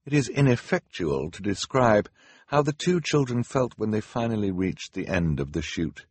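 A man reading a children's novel aloud as narrator, wry and deadpan with mock-solemn asides. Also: on the low side, normal speed, slightly rough, no room sound. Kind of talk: audiobook narration.

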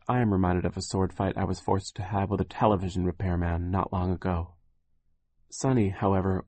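A man narrating an audiobook in a dry, wry storytelling manner, pausing to explain words. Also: low-pitched, darkish tone, no echo.

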